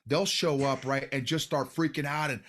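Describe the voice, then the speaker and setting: A man hosting a podcast, chatting casually, with many halting restarts and words like "bro" and "dude". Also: a little high, steady tone, fairly bright tone. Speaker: podcast host. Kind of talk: casual conversation.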